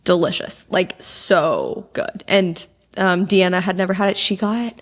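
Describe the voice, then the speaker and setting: A woman's voice: fairly low pitch, measured pace. A young woman co-hosting a podcast, telling stories in casual chat with lots of fillers. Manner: chatty storyteller, lots of fillers. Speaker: podcast co-host.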